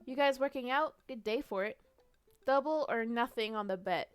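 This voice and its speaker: Her fairly high, smooth voice carries a playful narration of her moves in a detective role-play game she's streaming. The young woman laughs easily, reads out the story text, and has faint music behind her.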